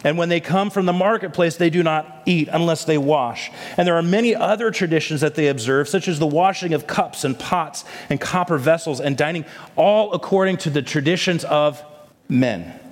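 A man's voice: fairly high pitch, normal speed. Preaching man in a reverberant hall. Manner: preaching with rhetorical questions and "amen?" asides. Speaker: pastor. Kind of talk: sermon.

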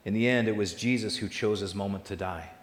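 A man preaching a sermon as pastor, building loud through lists and falling soft and slow on key lines. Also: fairly low pitch. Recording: echoey hall with long reverb.

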